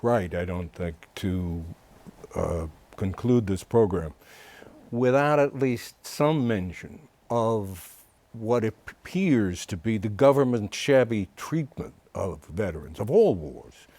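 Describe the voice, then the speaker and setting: Low-voiced TV host asking questions. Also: male voice, lively intonation, warm tone, no echo. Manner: measured, hesitant questioning with fillers. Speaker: TV interview host. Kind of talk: studio interview questions. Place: TV studio.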